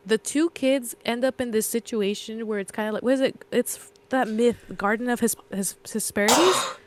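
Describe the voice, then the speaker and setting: A woman's voice: medium pitch, moderate pace. A woman co-hosting a podcast, casually retelling a story in a loose, rambling way with fillers and self-corrections. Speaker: podcast co-host.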